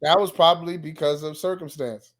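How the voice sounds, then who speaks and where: Easygoing New York man, slightly high voice. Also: fairly quick. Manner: relaxed, agreeable, chimes in with short replies. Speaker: podcast co-host. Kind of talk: casual chat.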